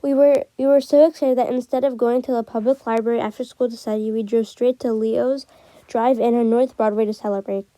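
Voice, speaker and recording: A woman reading a novel aloud in a steady way, with occasional slips and restarts. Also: a little high, a little fast, no room sound. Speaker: reader.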